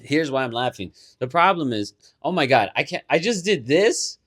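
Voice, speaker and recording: A man's voice: on the high side, very animated, moderate pace, fairly bright tone, husky. A man co-hosting a podcast in casual chat, laughing a lot, swearing and saying "bro" as he tells a story. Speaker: podcast co-host.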